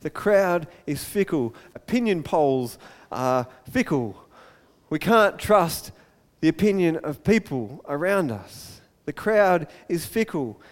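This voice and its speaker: Male pastor, high voice, animated preacher, reverberant hall. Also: slow. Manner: animated storytelling, acts out crowd voices. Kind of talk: sermon.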